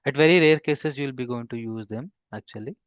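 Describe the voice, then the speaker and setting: Halting male coding instructor, lo-fi. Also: mid-range voice, no room sound. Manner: halting, with frequent fillers and restarts; quizzes the class with questions. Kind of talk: live coding class.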